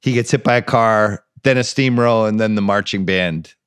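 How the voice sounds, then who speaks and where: A man's voice: on the low side, moderate pace, smooth, dry recording, clean studio sound. An American man hosting a podcast, chatting casually about a comedy film, laughing often as he lists favorite gags. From United States. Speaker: podcast host. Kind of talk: casual movie chat.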